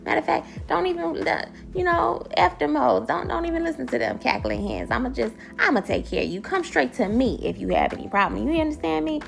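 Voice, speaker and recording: A manipulative male boss coos in a high, breathy half-whisper, as a woman puts him on. The voice is gravelly at the edges and sits well above her own talking pitch. Faint music plays underneath. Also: expressive, fairly quick, hardly any pauses, full character voice. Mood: coaxing.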